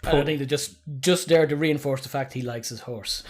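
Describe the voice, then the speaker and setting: A man's voice: fairly high pitch, normal speed. A man co-hosting a podcast, chatting casually and joking with a laugh in his voice. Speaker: podcast co-host. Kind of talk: casual chat.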